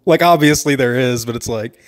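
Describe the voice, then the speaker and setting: An excited man talks over a movie in a relaxed, chatty way. He laughs a lot as he goes and gushes about each shot in an easy, mid-pitched voice. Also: moderate pace. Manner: enthusiastic, chatty, laughs often. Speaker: film commentator. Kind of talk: casual film commentary.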